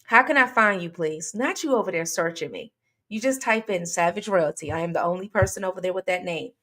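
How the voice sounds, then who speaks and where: Her voice on the low side and a little fast, a true crime livestream host addresses viewers directly in a casual, rambling way. She uses plenty of fillers and restarts and reads comments out loud as she goes.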